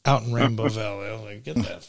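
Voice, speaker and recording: A man's voice: fairly low pitch, quick pace, creaky, a crowd in the background. A man hosting a podcast from a small studio, telling rowdy stories and swearing constantly. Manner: profane, rowdy storyteller. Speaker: podcast host. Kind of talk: crude casual banter.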